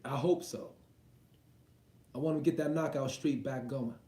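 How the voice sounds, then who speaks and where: A man's voice: medium pitch, fairly even intonation, a little slow, dark tone, echoey room. A man hosting a boxing livestream, reading viewer comments aloud and reacting in loose, slangy, profane casual chat.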